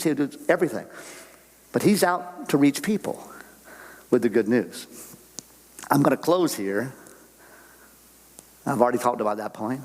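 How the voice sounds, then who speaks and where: An older man, a guest speaker on missions, preaches to a congregation in a church sanctuary, folksy and conversational, piling up rhetorical questions. His medium-pitched, darkish voice carries a big-room sound on a rough recording.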